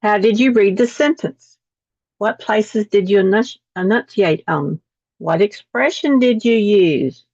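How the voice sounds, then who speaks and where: A woman's voice: mid-range voice, a little slow, darkish tone, dry recording. Lady teacher on a video call, reading text out and redoing words she trips on, dull dry sound. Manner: reads text aloud, repeating words after slips. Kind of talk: online class lesson.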